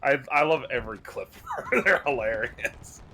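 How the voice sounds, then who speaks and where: A man's voice: medium pitch, sing-song, a little slow, bright, forceful tone, a little hiss or hum, low-quality recording. A man joining a friend's gaming stream, laid-back and laughing a lot, swearing casually. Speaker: guest playing along on the stream. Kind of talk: casual chat while gaming.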